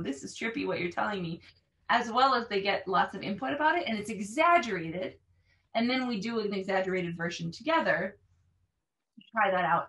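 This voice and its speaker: A woman language teacher explaining how she runs her classes, animated and acting out phrases with exaggerated intonation. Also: medium pitch, recorded from a distance.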